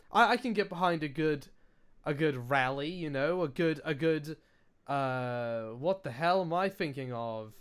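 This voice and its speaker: A man's voice: on the high side, expressive, a little slow, fairly bright tone, clear, resonant tone. A young man co-hosting a podcast in casual chat, rambling, swearing and laughing at his own slips. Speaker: podcast co-host.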